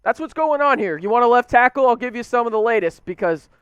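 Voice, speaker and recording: A man's voice: very high voice, expressive, fast, a bit bright, clear, resonant tone, no echo, lo-fi sound. A young man hosting a sports show, ranting in frustration about his team with rhetorical questions and repeated demands to do better. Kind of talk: animated sports commentary rant.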